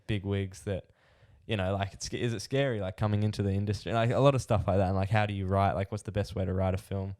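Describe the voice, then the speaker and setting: Low-voiced Australian guy telling a story. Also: vocal fry. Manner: rambling, filler-heavy, animated retelling. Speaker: podcast co-host. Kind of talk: casual chat, storytelling.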